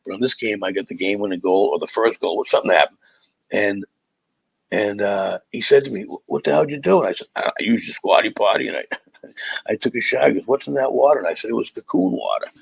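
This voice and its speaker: Middle-aged comic host, deep husky voice, dry close sound, loose stop-start storytelling. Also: male voice, quick pace, dry recording, rough recording. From Boston area, USA. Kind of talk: casual live podcast chat.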